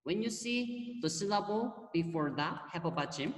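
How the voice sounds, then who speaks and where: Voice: medium pitch, lively intonation, brisk. Korean-accented teacher on an echoey call. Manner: patient, repeats words and fills with "mm-hmm". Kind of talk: online class explanation. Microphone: video call. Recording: echoey room heard from far off.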